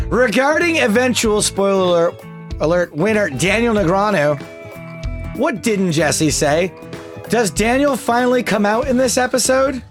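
A male podcast co-host in casual chat, joking and animated, tossing off mocking asides. His voice sits a little high, with faint music running behind him.

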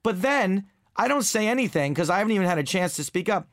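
A man's voice: high-pitched, expressive, fast, a bit bright, no echo, clean studio sound. An American man co-hosting a casual podcast, telling crude, self-mocking anecdotes with lots of animation. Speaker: podcast co-host.

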